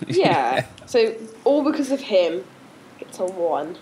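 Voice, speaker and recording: A woman's voice: medium pitch, big pitch swings, slow, a loud crowd. Brief: female podcast co-host, blunt and emphatic, casual chat.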